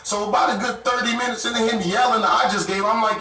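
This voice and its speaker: A man telling a story in casual, animated talk, often cursing and laughing as he goes. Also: very high voice, fast, a little hiss or hum. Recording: echoey room, mic far off.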